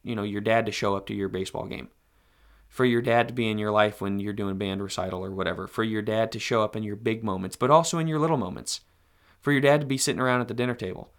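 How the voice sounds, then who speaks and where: A man's voice: on the low side, fast talker. A man hosting a podcast, giving earnest, direct advice to fathers in a conversational monologue. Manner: earnest, direct, speaks to fathers in second person. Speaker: podcast host.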